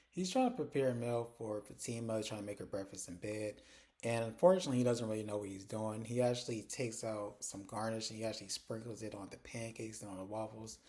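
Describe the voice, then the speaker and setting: A young man casually recapping a TV episode, chatty and animated as he tells the story. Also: on the low side. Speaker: TV episode reviewer. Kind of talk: casual recap with acted quotes.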